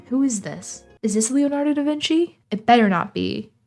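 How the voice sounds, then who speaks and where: A woman's voice: on the high side, animated, gravelly, darkish tone, soft background music. A young woman reading a visual novel aloud and adding sarcastic, chatty jokes between lines. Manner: sarcastic, chatty, quick asides. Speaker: gaming channel host.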